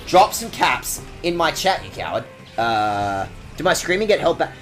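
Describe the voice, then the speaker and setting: A man's voice: on the high side, very animated, normal speed, a bit bright, soft background music. A man streaming a video game, ranting with playful mock outrage and lots of swearing. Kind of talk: casual game stream commentary.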